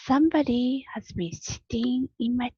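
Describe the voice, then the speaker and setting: A woman's voice: a little high, normal speed, warm tone, breathy edge, dry recording, muffled recording. A woman reading a storybook, voicing the middle-sized mother bear in a slightly raised whisper. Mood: puzzled.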